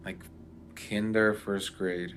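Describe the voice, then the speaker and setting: A man's voice: on the low side, flat delivery, slow, faint music behind. A man in casual chat, telling a story with lots of fillers and restarts. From Mexican family background. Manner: rambling, many fillers.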